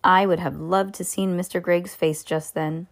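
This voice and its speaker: A woman reading a children's story aloud, lively, with small slips and side comments. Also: on the low side, normal speed.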